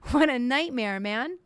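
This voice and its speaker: A woman's voice: high voice, dry recording, clean studio sound. A young woman streaming, chatting casually and jokily while reacting to news clips and talking to her chat. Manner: chatty, jokey, laughs often, talks to chat.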